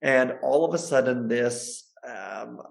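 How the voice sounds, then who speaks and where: A man, a chiropractor, telling stories in a casual interview, animated and laughing often. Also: mid-range voice, slow pace, gravelly. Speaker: guest, chiropractor and social media creator.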